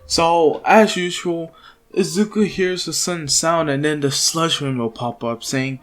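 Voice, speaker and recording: A man's voice: a little high, measured pace. A man casually telling a made-up fan story in a loose, chatty way, with slang and fillers. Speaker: channel host, storyteller. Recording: faint background music.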